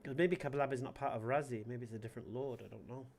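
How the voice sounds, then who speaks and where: Gravelly-voiced man doing excitable gaming commentary. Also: medium pitch, racing. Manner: excitable, joking, thinks aloud. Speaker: gaming channel host.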